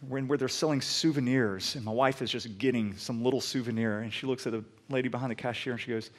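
A male pastor delivers a sermon from a church sanctuary. His voice sits at an ordinary middle pitch. He swells into loud, pleading emphasis, then settles back into easygoing, conversational storytelling. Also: a little fast.

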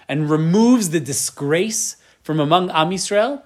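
Animated man teaching a Bible class. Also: high-pitched, normal speed. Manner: animated, mixes Hebrew verse readings with English explanation; frequent tag question "right?". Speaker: Torah teacher.

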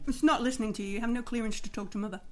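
A woman narrating a tabletop game as game master, pausing with "um" often before voicing her characters. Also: a little high, fairly even intonation. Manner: narrates with many "um" pauses, then voices characters in quick bursts.

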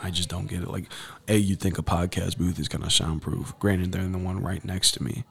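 A man's voice: low voice, flat delivery, brisk, gravelly, a bit bright. A young man hosting a solo sports podcast from a campus podcast booth, chatting casually with slangy asides and frustrated rants. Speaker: podcast host.

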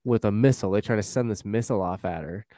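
Speaking fast in a lowish voice, a man chats about a TV show, animatedly recounting scenes and performing lines from them. The recording is studio quality, with no echo.

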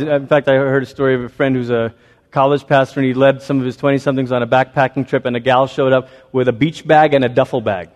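A man's voice: on the high side, in a large hall. A man in his thirties preaching a sermon as a pastor, conversational and self-deprecating, telling stories about his family.

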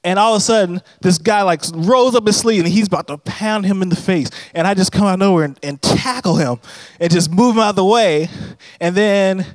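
Young male pastor, high voice, chatty and funny sermon delivery, dry close sound. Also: a little fast, no echo. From Texas. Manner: conversational, humorous storytelling preacher.

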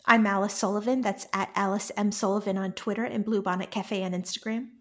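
A woman's voice: medium pitch, steady tone, a little fast. A woman co-hosting a podcast in casual chat, dry and teasing. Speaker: podcast co-host.

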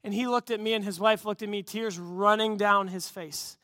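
Bright-voiced earnest male pastor. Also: high voice, normal speed, no room sound, clean studio sound. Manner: earnest storytelling preacher, rising to excited emphasis. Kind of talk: sermon.

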